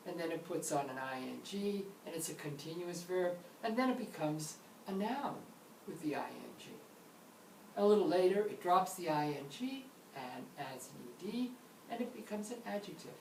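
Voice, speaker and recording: Lady explaining grammar, lively voice that swoops around, kinda low, sounds far off in an echoey room. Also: gravelly. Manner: playful, theatrical asides. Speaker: English teacher. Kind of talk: grammar lesson monologue. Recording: roomy echo, mic at a distance, faint noise.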